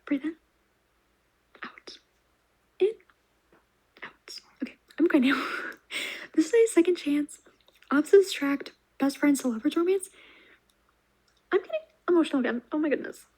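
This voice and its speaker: Fast-talking, high-voiced young woman reviewer. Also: rough recording. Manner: gushing and animated, drops into soft asides. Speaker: book reviewer. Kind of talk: casual reading wrap-up vlog.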